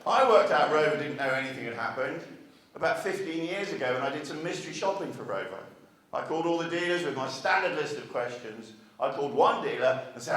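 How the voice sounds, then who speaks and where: Fairly high-pitched and a bit bright, this man speaks fairly quickly with lively intonation in a marketing talk at a regional meeting. He's chatty and keeps posing rhetorical questions to the live audience, recorded in an echoey hall from a far-off mic.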